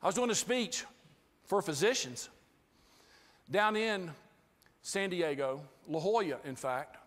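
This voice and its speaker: A man giving an inspirational talk, telling a humorous story with lively, acted-out dialogue to a live audience. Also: high voice, slow. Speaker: inspirational speaker. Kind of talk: storytelling keynote speech. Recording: hall reverb.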